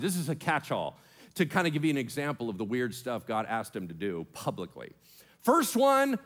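A man preaching a sermon as pastor, joking and acting out little voices as he teaches. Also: fairly high pitch. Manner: animated, joking, acts out voices.

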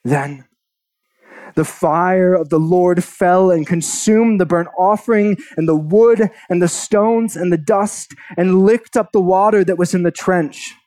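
A man's voice: high-pitched, fairly even intonation, a little slow, a little mellow. A man preaching a sermon, reading a long scripture passage aloud with conversational asides. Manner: earnest, conversational asides between read verses. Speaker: pastor.

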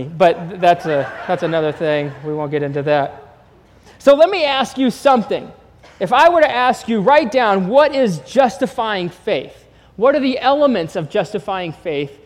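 A man preaching a sermon as pastor, telling stories in a conversational way and asking the congregation questions. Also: high-pitched. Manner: conversational storytelling with rhetorical questions. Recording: long hall reverb.

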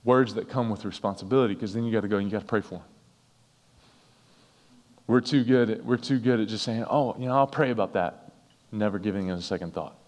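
A man's voice: on the low side, quick pace, long pauses, darkish tone. A man preaching a sermon to his church, earnest and emphatic, repeating phrases for effect. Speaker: pastor. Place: church sanctuary. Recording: reverberant church hall.

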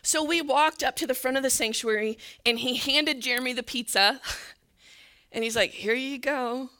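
A woman church leader telling a story in a sermon, earnest and sometimes dropping to a soft near-whisper. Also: high voice, moderate pace.

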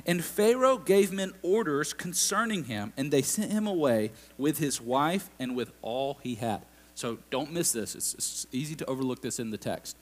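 A man's voice: fairly high pitch, expressive, normal speed, few pauses. A man preaching a sermon in a conversational style, with asides and acted-out quotes. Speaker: pastor.

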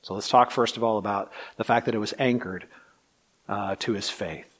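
A man preaching a sermon, swinging between loud emphatic passages and hushed ones, and acting out quotes. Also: lowish voice, steady tone, normal speed. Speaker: pastor.

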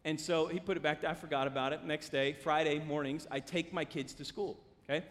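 A male pastor preaching a sermon, telling stories animatedly with big swings from loud to hushed. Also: on the high side, steady tone, fairly quick. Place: church sanctuary. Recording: long church hall reverb.

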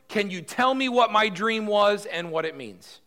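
A man's voice: high-pitched, lively intonation, measured pace, bright, forceful tone, voice pushed up, full character voice. Man playing an exasperated, demanding ancient king. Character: impatient, angry male ancient king.

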